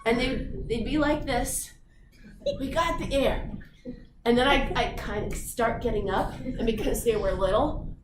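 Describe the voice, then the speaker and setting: A middle-aged woman teaching physiology to a class, telling animated stories and acting them out. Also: on the high side, normal speed. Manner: animated, acts out her stories. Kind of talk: classroom lecture with storytelling. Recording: echoey room, audible room noise.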